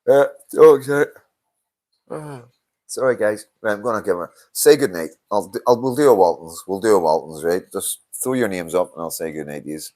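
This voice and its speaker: Older streamer with a very low voice, tired and sweary, chatting loosely to his viewers. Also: animated, fairly quick, a little mellow. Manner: swears a lot, tired and yawning. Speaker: livestream host. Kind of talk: casual live-stream chat reading comments.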